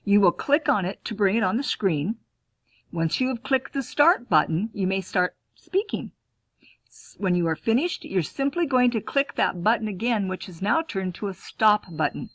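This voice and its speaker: A woman school librarian teaching students, clear and instructive, posing questions and answering them herself. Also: medium pitch, animated, normal speed, dry recording. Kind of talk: classroom lesson, talking to students.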